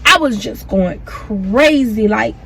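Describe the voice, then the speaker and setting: A young woman vlogger casually retelling a personal story, animated and profane, acting out the back-and-forth. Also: on the high side, slow pace, creaky, a little hiss or hum. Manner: animated, profane, acts out the dialogue.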